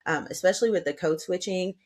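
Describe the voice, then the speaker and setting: A woman's voice: on the low side, fast, darkish tone. A young woman, an anesthesia student guest on a podcast, speaking candidly and telling stories. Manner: candid, storytelling, acts out quoted exchanges. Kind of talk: podcast interview.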